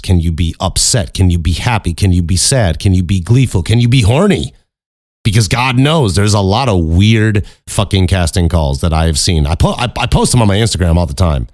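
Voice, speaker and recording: A man's voice: deep voice, a little mellow, no echo, clean studio sound. A man hosting a podcast alone, talking candidly and rambling, swearing freely and often restarting his sentences. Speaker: podcast host. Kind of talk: casual solo podcast talk.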